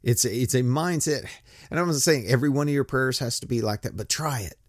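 A man's voice: mid-range voice, fast, no echo, studio quality. A man preaching a casual, joking sermon and reading scripture, talking conversationally with many restarts.

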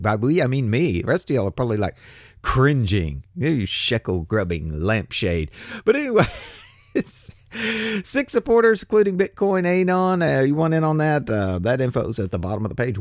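A man's voice: mid-range voice, no echo, clean studio sound. An older man hosting a podcast, talking in a rambling, folksy way and chuckling often. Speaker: podcast host. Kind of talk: casual solo podcast monologue.

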